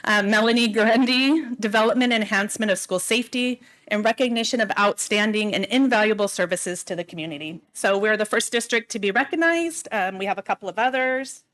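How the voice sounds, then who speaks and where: A woman addresses a school board meeting with updates and recognitions. She sounds warm and slightly emotional, filling her pauses with "um"s. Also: mid-range voice. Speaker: school district administrator. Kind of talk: meeting announcements.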